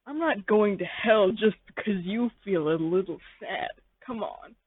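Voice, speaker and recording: A narrator voicing a creepy, teasing young man who talks low and bossy in a fan fiction reading. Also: a little slow, breathy edge. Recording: tinny phone-like dry sound.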